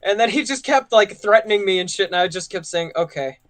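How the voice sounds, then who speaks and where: A man's voice: high voice, fast. A young man casually telling a work story on a gaming podcast, rambling and full of "like" and "you know". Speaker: podcast co-host.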